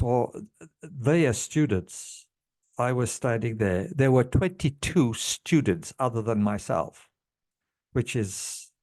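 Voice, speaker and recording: A man telling a personal story to camera in a halting way, with many pauses and restarts, moved as he speaks. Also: medium pitch, a little mellow. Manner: slow, halting, with many fillers and restarts, growing emotional. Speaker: channel host telling a past-life story.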